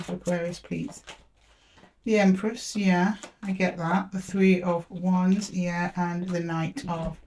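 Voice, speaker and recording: A woman's voice: on the low side, mellow. A woman doing a tarot reading to camera, talking casually and directly to the viewer and asking aloud for each card. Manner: chatty, talks straight to the viewer, asks aloud for each card. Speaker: tarot reader.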